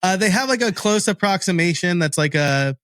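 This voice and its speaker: Chatty high-voiced New York man. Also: animated, a little fast, a bit bright, clear, resonant tone, dry recording, studio quality. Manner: chatty, laughs often, wondering aloud. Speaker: podcast co-host. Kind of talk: casual tech news chat.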